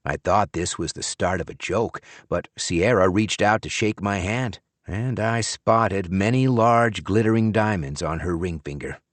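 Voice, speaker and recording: A man narrating a novel in the first person, wry and expressive. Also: sits low, unhurried, few pauses, dry recording. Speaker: audiobook narrator.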